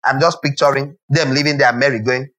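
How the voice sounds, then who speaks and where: A man's voice: mid-range voice, fairly even intonation, a little fast, pushed and bright, low-quality recording. A male pastor preaching a sermon, emphatic and repetitive, with rhetorical questions and humorous asides.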